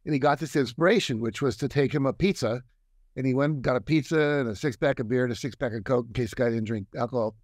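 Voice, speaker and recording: Older man telling lively stories, dry mic. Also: medium pitch, fast talker, dry recording. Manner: animated storyteller, acts out quoted voices. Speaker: guest, success coach and author. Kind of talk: storytelling in a conversation.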